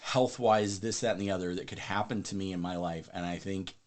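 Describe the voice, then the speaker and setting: A man's voice: deep voice, fairly even intonation, a little fast. A man hosting a podcast, reflective in casual interview chat, stammering now and then as he gathers his thoughts. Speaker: podcast host.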